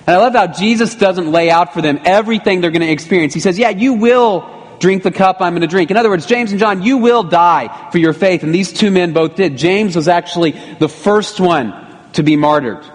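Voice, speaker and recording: A man's voice: high voice, brisk. A middle-aged male pastor preaching a sermon in a conversational way, with rhetorical asides to the congregation. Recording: long reverb of a church hall.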